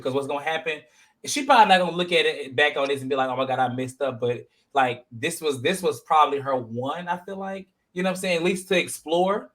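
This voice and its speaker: A man hosting a casual reality-TV review chat, talking in a slangy, animated, rambling way with many fillers. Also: fairly high pitch. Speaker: podcast host.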